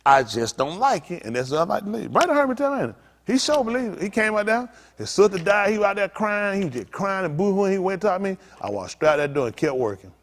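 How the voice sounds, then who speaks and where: A middle-aged male pastor preaching in a lively, story-driven way. His voice sits a little high and leaps all over the place. He drops to a mutter, then bursts out loud, and acts out the voices of the people in his stories. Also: quick pace, slight background noise. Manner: animated, swings from low mutters to loud outbursts; quotes others in acted voices, repeats phrases.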